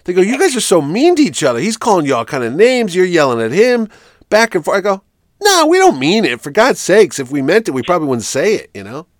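A man's voice: high-pitched, wildly swooping pitch, fast talker, no room sound, studio quality. A man in casual chat, talking animatedly with lots of restarts and repeated words.

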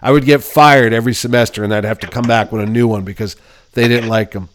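Animated middle-aged man telling stories. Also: medium pitch. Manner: animated, acts out the people in his stories; self-described belligerent, quick with comebacks. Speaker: podcast host. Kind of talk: casual storytelling.

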